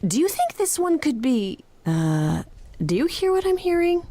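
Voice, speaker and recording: A woman's voice: high voice, very animated, normal speed, mellow. An actress playing a cheerful, playful young woman companion in a video game.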